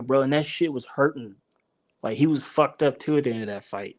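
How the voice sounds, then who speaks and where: A man on a boxing talk show, retelling a fight in slangy, animated play-by-play. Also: medium pitch, a little fast.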